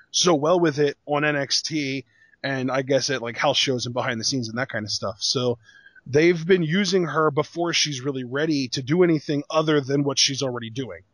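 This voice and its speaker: A man co-hosting a casual wrestling review show, excitable and jokey, with lots of fillers. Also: mid-range voice, dry recording. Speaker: podcast co-host.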